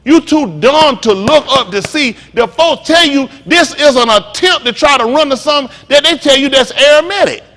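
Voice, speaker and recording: Male pastor, sermon, high voice, very lively pitch, blunt, profane, mocking. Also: normal speed, hardly any pauses. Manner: heated preaching.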